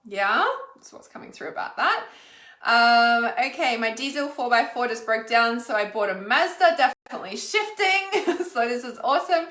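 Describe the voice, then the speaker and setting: A woman's voice: on the high side, animated, moderate pace, bright, forceful tone, reverberant. An Australian woman hosting a casual spiritual livestream, chatting in a rambling way with lots of fillers. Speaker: intuitive healer hosting a livestream.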